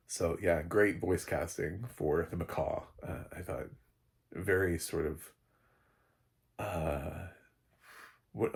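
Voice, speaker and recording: Low raspy guy doing a chill movie review, kinda rambly, lots of false starts. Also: darkish tone. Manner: rambling, restarts sentences, chuckles often. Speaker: film reviewer. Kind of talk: casual spoken movie review.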